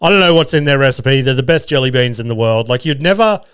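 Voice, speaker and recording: A man's voice: medium pitch, fast, fairly bright tone, smooth, no room sound, studio quality. An Australian man in his thirties hosting a podcast, telling a rambling story in a casual monologue, swearing freely and poking fun at himself. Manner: rambling, swears freely, self-deprecating humour. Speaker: podcast host.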